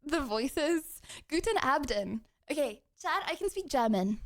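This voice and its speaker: A woman's voice: sits high, expressive, unhurried, dry recording, clean studio sound. A young woman streaming live, chatting casually with her viewers in a bubbly, giggly way. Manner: bubbly, giggly, cheering chat on.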